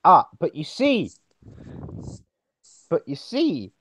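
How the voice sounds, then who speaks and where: Slow, rambling young man chatting. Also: fairly high pitch, huge pitch swings, a bit bright, a little hiss or hum, rough recording. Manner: rambling with frequent restarts and stumbles. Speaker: podcast host. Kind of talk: casual chat.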